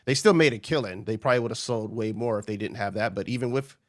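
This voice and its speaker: A man's voice: on the low side, fast, dry recording, clean studio sound. An American man hosting a casual podcast, rambling and restarting his sentences. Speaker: podcast host.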